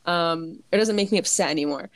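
A woman's voice: lowish voice, a little fast, no room sound. A young woman co-hosting a podcast, telling a family story in a rambling way, full of fillers and laughter. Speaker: podcast co-host. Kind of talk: casual chat.

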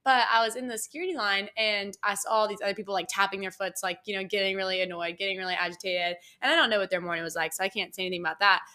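A bright, clear-toned young woman tells a personal story on her podcast. Her talk is loose and chatty, packed with "like" and "you know," and she acts out the dialogue as she goes. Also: mid-range voice, steady tone, very fast, few pauses. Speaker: podcast host. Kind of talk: casual storytelling monologue.

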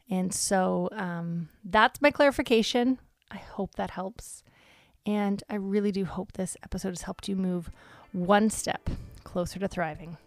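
A woman hosts a devotional podcast in an earnest, conversational voice. Her tone has a gravelly, fry-edged texture, and she pauses often with ums. The sound is dry and close, with no room heard. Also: mid-range voice, no room sound. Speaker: podcast host. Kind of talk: faith-based devotional podcast talk.

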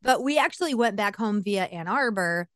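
A woman's voice: medium pitch, normal speed, no echo. Chatty woman in her forties, dry close sound. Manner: animated storyteller, laughs often. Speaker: podcast co-host. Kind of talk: casual chat.

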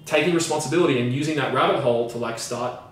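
A man's voice: mid-range voice, fast, far from the mic. A man talks in a casual podcast discussion, emphatic and profane, stacking up repeated phrases to drive his point home. He sits back from the mic in a very reverberant room, and a faint noise hangs underneath. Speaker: podcast co-host and coach.

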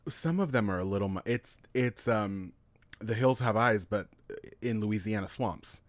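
A man co-hosting a podcast in casual chat, excitable and gushing, swearing often. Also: lowish voice, a little slow, dry recording. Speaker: podcast co-host.

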